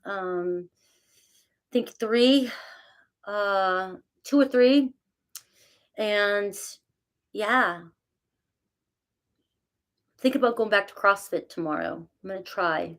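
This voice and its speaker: Her voice is mid-range and fairly bright, slow and full of pauses. This middle-aged tarot reader keeps her live chat casual, often laughing, making fun of herself, and calling out viewers by name to thank them.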